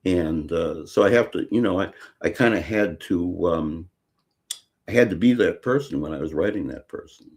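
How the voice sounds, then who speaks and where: An older man from Chicago, a guest author talking in a casual interview, halting with many fillers and restarts. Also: deep voice, animated, a little mellow.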